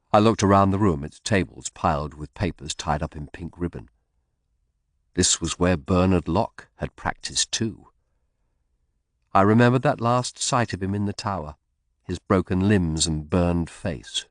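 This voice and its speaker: A man narrating a historical mystery audiobook in a measured, expressive storytelling manner, close to the mic. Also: sits low, no room sound.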